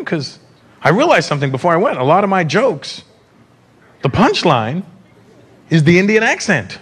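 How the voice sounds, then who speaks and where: A North American man doing a profane, animated stand-up routine on stage, speaking into a handheld mic. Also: sits high, normal speed, long pauses. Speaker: stand-up comedian. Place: comedy stage before a live audience. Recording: live show with loud crowd and noise.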